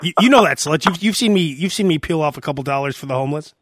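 A man hosting a podcast in casual chat, animated and jumping between topics. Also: a little high, racing, dry recording, studio quality. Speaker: podcast host.

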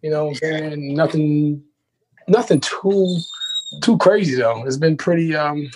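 A young man from New York, a guest DJ, speaking hoarsely in a laid-back way and often saying "you know what I'm saying.". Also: a little high, a little slow, noisy background. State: hoarse from lost voice. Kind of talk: casual interview.

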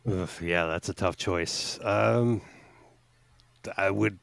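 A man's voice: sits low, slow pace, creaky, a bit bright. A man co-hosting a casual podcast, easygoing and a bit hesitant as he weighs his answers. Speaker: podcast co-host.

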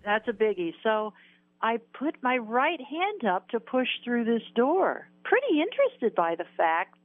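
A woman's voice: on the high side, big pitch swings, a little slow, dry recording. A woman in her sixties, a guest in an interview, recounting a personal near-death story earnestly and emotionally, repeating words and laughing at herself. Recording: tinny phone-line sound.

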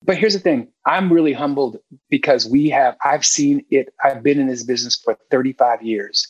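A man's voice: mid-range voice, moderate pace, husky, no room sound, dull audio. A middle-aged man talking as a guest film director in a casual interview, emphatic and candid, swearing freely.

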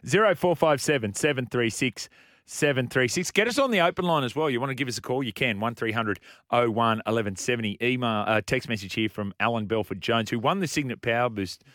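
A man's voice: medium pitch, a little fast, a bit bright, dry recording, studio quality. An Australian man hosting a breakfast radio show, chatting casually and reading out listener texts and phone numbers. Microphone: studio microphone.

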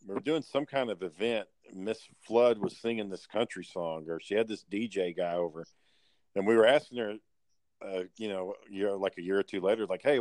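A man telling work stories in casual chat, animated and profane, acting out the people in them. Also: fairly low pitch, dry recording.

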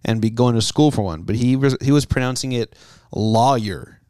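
A man co-hosting a podcast, talking in a relaxed, halting way with plenty of fillers. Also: mid-range voice, no echo, clean studio sound. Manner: laid-back, halting, drawn-out fillers. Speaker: podcast co-host. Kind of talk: casual chat.

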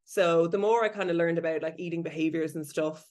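A woman's voice: fairly low pitch, steady tone, fairly quick, a little mellow. A woman coach and researcher speaking as a podcast guest, candid and self-deprecating, laughing lightly as she talks. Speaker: body image coach and researcher.

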